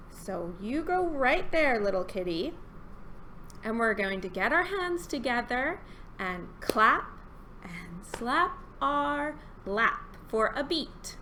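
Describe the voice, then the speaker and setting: A woman's voice: on the high side, sing-song, slow, sharp tone, slight background noise. A woman hosting a children's storytime in a playful, coaxing, sing-song way. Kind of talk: children's storytime reading and singing.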